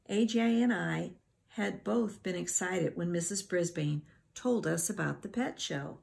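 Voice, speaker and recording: A woman teacher reading a children's storybook aloud in an unhurried, expressive way. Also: fairly low pitch, gravelly.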